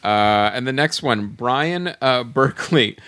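A podcast host reads listener comments aloud in a mock-grand style, often bursting into laughter. His mid-range voice is animated, bright, forceful and smooth, and he takes his time.

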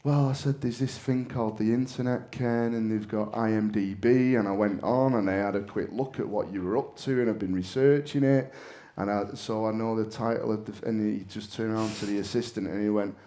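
Middle-aged manchester bloke, low mellow voice, chatty and self-mocking, laughs a lot. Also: male voice, fairly even intonation, fairly quick, hardly any pauses. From England. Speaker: actor, guest. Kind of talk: casual storytelling interview.

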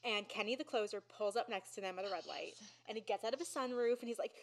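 A young woman co-hosts a casual podcast in a slightly high voice. She is sarcastic and profane, acting out lines from scenes as she recounts them. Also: fast. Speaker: podcast co-host. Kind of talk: casual chat.

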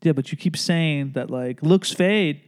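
A man with a slightly high voice, co-hosting a casual podcast. He tells stories with energy and acts out the people in them as he goes. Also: unhurried, smooth. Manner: animated storyteller, acts out drivers and friends. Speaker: podcast co-host. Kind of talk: casual chat.

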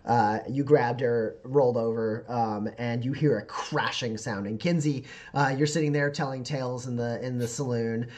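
Rambling game master, full of fillers. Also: male voice, medium pitch, steady tone, normal speed, hardly any pauses, darkish tone. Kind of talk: narrating a tabletop game.

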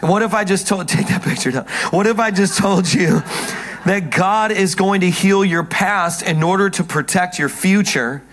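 A man with a notably high speaking voice delivers a sermon from a church stage. He talks straight to the congregation. His tone swings between self-mocking humor and urgent, earnest appeals. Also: normal speed, a bit bright, a little hiss or hum. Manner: jokey, self-mocking preaching with frequent laughs. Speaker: pastor.

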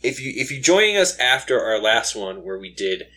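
A man's voice: mid-range voice, very animated, normal speed, bright, forceful tone. A young man co-hosting a casual late-night podcast, rambling with lots of fillers and restarts, a little tired. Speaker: podcast co-host.

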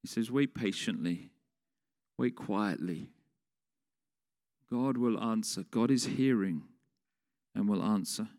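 A man's voice: on the low side, slow, long pauses, darkish tone. A man preaching a sermon in a conversational way, putting questions to the congregation. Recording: long reverb of a large hall.

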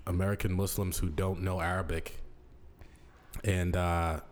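With a low voice and a slightly slow delivery, this late-thirties podcast co-host trades casual comedic banter. He's lively and playful, frequently laughing and breaking into mock accents.

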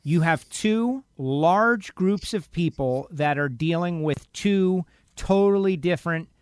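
A man's slightly high, clear, resonant voice comes through clean studio sound with no room echo, at a slow pace. He's on talk radio, upset by bad news and emotional, offering an emphatic, rambling, impassioned opinion while acting out others' lines.

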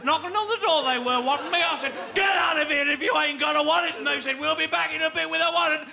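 A man's voice: extremely high pitch, quick pace, gravelly, bright, forceful tone, a faint crowd, voice pushed up, exaggerated voice. A man voicing a shifty male drug courier with a Cockney accent, rambling in a rowdy, matey way.

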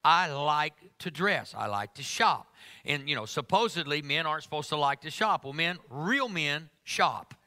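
A man's voice: fairly high pitch, animated, normal speed, sharp tone. A middle-aged man preaching a sermon to a congregation, emphatic and humorous, teasing his listeners.

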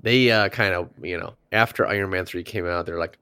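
Male podcast co-host, lowish voice, relaxed recap, dry close mic. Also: fairly quick, smooth, dry recording. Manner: relaxed, laughing, walks through notes with loose asides. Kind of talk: casual chat recapping a TV episode.

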